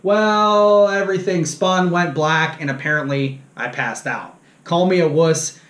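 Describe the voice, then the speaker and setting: A man's voice: a little high, moderate pace, reverberant. A man hosting a fishing show, telling a story casually and animatedly, mocking himself and acting out the dialogue. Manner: animated, self-mocking anecdote with quoted dialogue.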